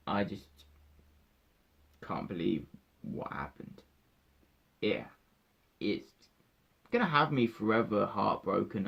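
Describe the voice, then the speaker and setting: A young man, giving an emotional, halting spoiler review of a film that often repeats itself. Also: fairly low pitch, gravelly. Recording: dull lo-fi sound.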